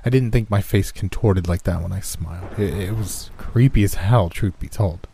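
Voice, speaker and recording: Man, very deep voice, dark mellow tone, steady horror story narration. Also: moderate pace, gravelly, slightly rough. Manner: steady first-person storytelling. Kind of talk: scripted narration.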